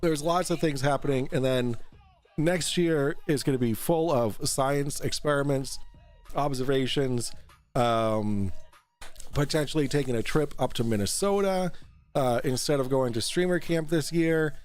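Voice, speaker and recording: A male host of a casual livestream talk show, drinking as he goes. He rambles, restarts his sentences, swears freely and keeps answering his chat. His voice sits at an ordinary middle pitch. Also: measured pace, soft background music. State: drinking on air.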